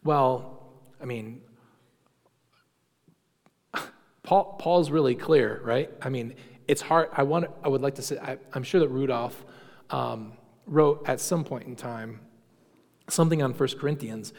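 A man's voice: medium pitch, unhurried, long pauses, darkish tone, big-room sound. A man teaching a Sunday school class in a conversational lecture, often asking the class questions and using many fillers. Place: church classroom.

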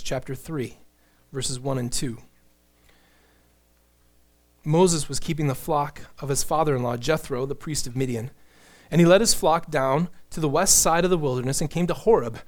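Preacher, male, middle-aged; somewhat high voice, earnest sermon delivery with wry asides. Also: normal speed. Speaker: pastor.

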